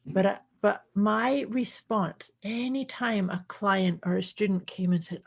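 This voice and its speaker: Woman healer on a podcast, thoughtful, keeps restarting her words, middle pitch. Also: fairly even intonation, unhurried, gravelly, slightly rough. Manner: reflective, hesitant, repeats words as she thinks. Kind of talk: casual podcast chat.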